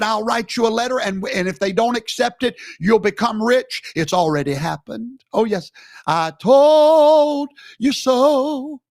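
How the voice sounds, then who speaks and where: A man hosting emphatic, preaching-style commentary, firing off rhetorical questions with big jumps in pitch. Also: vocal fry, no room sound, studio quality. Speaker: host.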